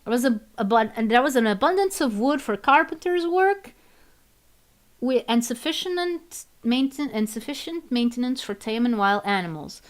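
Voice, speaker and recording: A woman's voice: a little high, animated, normal speed. A woman chatting casually on a stream, rambling with many restarts and easy laughs. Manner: rambling, restarts often, laughs easily, switches to Portuguese. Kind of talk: casual chat while worldbuilding.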